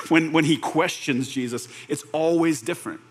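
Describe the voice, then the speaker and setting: Man, young adult, pastor, casual sermon, animated, slightly high voice. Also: normal speed, a little hiss or hum. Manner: conversational and animated, with laughs and quoted voices.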